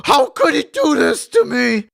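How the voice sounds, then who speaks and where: A man's voice: very high-pitched, sing-song, measured pace, gravelly, fairly bright tone, no room sound, studio quality, voice pushed up, full character voice. A man voicing an offended, self-pitying teacher who whines melodramatically in a comedy vlog. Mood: wounded. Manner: wounded, melodramatic whining.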